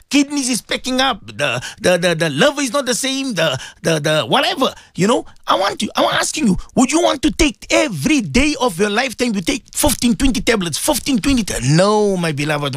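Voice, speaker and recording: A man's voice: very high-pitched, fairly bright tone, no echo, studio quality. A male radio presenter giving earnest religious advice, exhorting listeners directly and repeating his refrains. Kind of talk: preachy radio talk.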